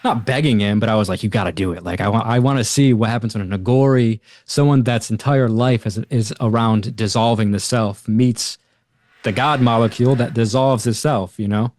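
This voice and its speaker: A man's voice: medium pitch, a little fast, no echo. A man, a podcast guest, telling a personal story in casual conversation, acting out the other people's lines and using lots of fillers. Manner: animated retelling with quoted voices and many fillers.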